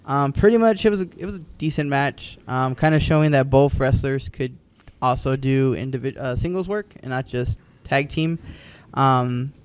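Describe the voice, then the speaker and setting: A man's voice: medium pitch, moderate pace, hardly any pauses, clean tone. Rambling man recapping wrestling. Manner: rambling, many ums and restarts. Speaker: podcast co-host. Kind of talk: casual wrestling recap chat.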